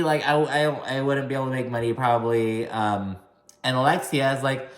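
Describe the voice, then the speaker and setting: Recapping a reality show in a casual, gossipy way, a man curses often and imitates the cast's lines in high, overdone voices. His tone holds steady at a moderate pace, and the room sounds echoey.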